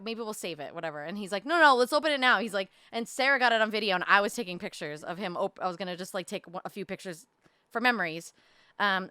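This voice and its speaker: A young woman telling a story in casual chat, animated, full of fillers and swearing, close to the mic. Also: mid-range voice, clean tone, no echo. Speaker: podcast co-host telling a story. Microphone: close desk mic.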